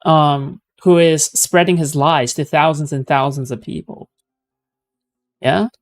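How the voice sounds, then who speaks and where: A man's voice: a little high, fairly even intonation, slow, soft background music. A man streaming, giving casual commentary on a clip in a rambling, sarcastic way with lots of filler words. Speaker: streamer reacting to clips.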